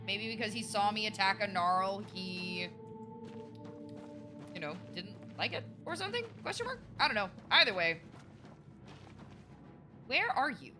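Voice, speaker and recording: A woman's voice: mid-range voice, sing-song, unhurried, long pauses, over music. A woman streaming a game, chatting casually with viewers, swearing freely and teasing them. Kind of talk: casual livestream chat while gaming.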